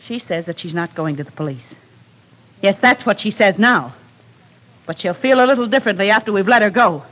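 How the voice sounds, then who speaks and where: A woman's voice: mid-range voice, expressive, a little fast, a bit bright, rough recording. An actress playing a cold, manipulative female kidnapper, in 1940s radio acting. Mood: scheming. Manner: cool, manipulative.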